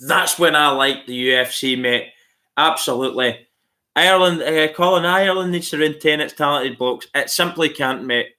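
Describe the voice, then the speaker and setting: A man's voice: mid-range voice, pushed and bright. A married man hosting a casual live-stream, answering viewer comments bluntly and swearing freely. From outside Australia. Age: adult, married.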